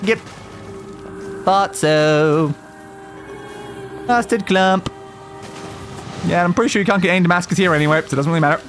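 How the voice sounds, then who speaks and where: A man's voice: high voice, moderate pace, long pauses, fairly bright tone, soft background music. A man streaming a video game, chatting casually and chanting playful sing-song nonsense while he plays. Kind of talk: casual gameplay commentary.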